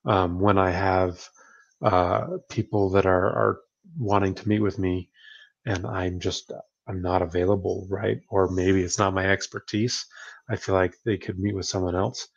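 A man with a fairly low voice talks through ideas in an easy, conversational way. He laughs often and keeps checking in with little asides. The recording sounds dull and lo-fi. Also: unhurried, gravelly. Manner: relaxed, chatty, laughs often, many "right?" tags. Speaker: podcast co-host, therapist. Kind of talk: casual book discussion.

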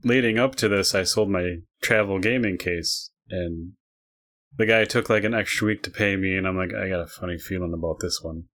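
Man, low voice, casual chat, profane, animated storyteller. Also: a little fast.

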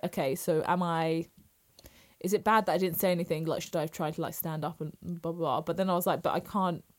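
A young woman, chatting casually and telling animated stories full of fillers. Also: on the low side, quick pace. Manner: animated storytelling, many "like" fillers. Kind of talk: casual chat.

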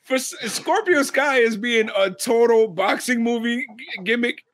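A man co-hosting a casual wrestling recap, animated and profane, laughing often and slipping into mocking voices. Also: very high voice, unhurried. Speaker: podcast co-host.

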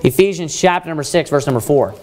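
Fairly high-voiced man preaching a sermon. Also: creaky, darkish tone, slight background noise. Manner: rhetorical questions and emphatic repetition; many fillers of "you know" and restarts.

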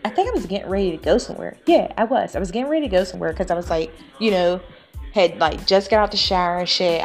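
A woman hosting a podcast, telling a personal story in a casual, blunt, profane way and acting out the quotes. She sounds tired and yawns now and then. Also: lowish voice. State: tired, yawning. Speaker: podcast host.

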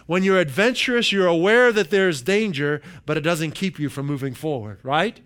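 A man preaching a sermon, emphatic, slowing down to stress key words and asking the room "right?" between points. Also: on the high side, lively intonation, a bit bright.

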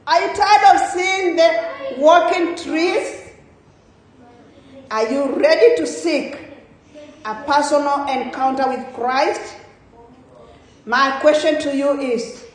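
A woman preaching a sermon in a church, asking rhetorical questions with emphatic rises and soft trailing endings. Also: sits high, slight background noise. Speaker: guest preacher. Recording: very echoey church hall.

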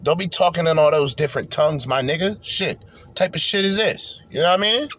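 A man hosting a podcast, ranting profanely as he reacts to video clips in bursts of loud, rambling talk. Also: a little high, a little fast. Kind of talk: profane reaction commentary rant.

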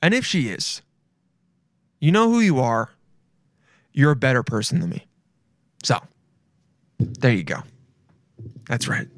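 A man's voice: mid-range voice, wildly swooping pitch, unhurried, pauses often, dry recording, clean studio sound. A young man hosting a casual solo podcast, talking in a loose, emphatic way and swearing freely. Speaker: podcast host.

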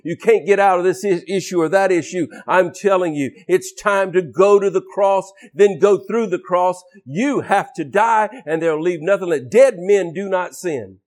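A man preaching a fiery deliverance sermon, forceful and scolding, his voice swinging from loud to low.

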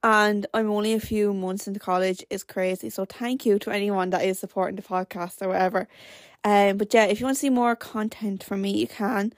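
A woman's voice: mid-range voice, fairly even intonation, fairly quick, no echo, clean studio sound. A young Irish woman in her late teens hosting a podcast, rambling through stories with lots of filler words. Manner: rambling storyteller, many "like" fillers. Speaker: podcast host. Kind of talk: casual chat.

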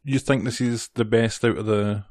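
A woman co-hosting a podcast, chatty, filling in episode details and gently correcting her co-host. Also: extremely low pitch, fairly even intonation, moderate pace, no echo, studio quality. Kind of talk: casual episode recap chat.

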